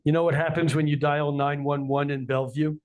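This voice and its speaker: A male astrologer talking to a live audience in a coffeehouse, in a voice pitched a little high. He explains in a relaxed way and drops in wry joking asides. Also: a little fast.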